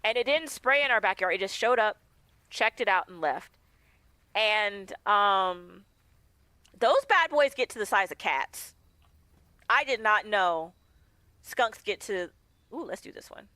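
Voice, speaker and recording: Bright, chatty woman streamer. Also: mid-range voice, lively intonation, a little slow, pauses often, dry recording. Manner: chatty, laughs often, acts out quoted dialogue. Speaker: game streamer. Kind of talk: casual storytelling while gaming. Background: faint game music.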